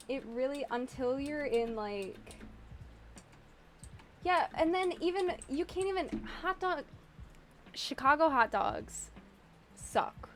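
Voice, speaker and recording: A woman's voice: sits high, fairly bright tone, slight background noise. Giggly chatty young woman streamer. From Illinois, US Midwest. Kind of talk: casual live-stream chat with viewers.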